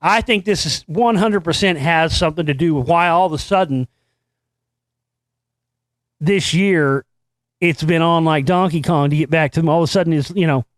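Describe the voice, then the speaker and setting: A man hosting his own commentary show, his voice sitting notably high for a man. He reads an article aloud and breaks off into profane, sarcastic jabs at it. The sound is dry and close, with no room echo at all. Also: moderate pace, pauses often. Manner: sarcastic, swears freely, mocks what he reads. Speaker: host.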